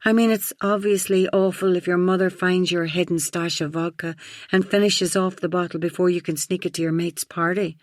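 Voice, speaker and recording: A woman's voice: lowish voice, steady tone, brisk, no room sound, clean studio sound, lightly acted. A woman reading an audiobook, voicing a tipsy, blunt middle-aged friend who talks frankly with a slight slur. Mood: tipsy rambling. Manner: slightly slurred, frank and rambling.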